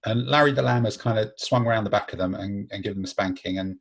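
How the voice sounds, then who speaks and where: A man with a low, gravelly voice that has a husky edge. He hosts a relaxed podcast conversation with playful, teasing humour. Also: fast. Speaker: podcast host. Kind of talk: casual chat.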